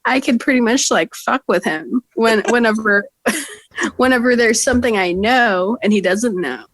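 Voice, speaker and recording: A woman's voice: fairly high pitch, moderate pace, dry recording. A young woman, a podcast co-host, telling stories in casual chat, swearing freely and laughing often. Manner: profane, laughing storyteller.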